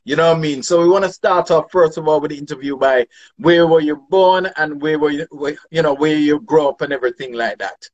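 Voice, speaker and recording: A man hosting a casual interview, giving friendly shout-outs in street slang. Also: fairly high pitch, fairly quick, lo-fi sound. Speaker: interview host.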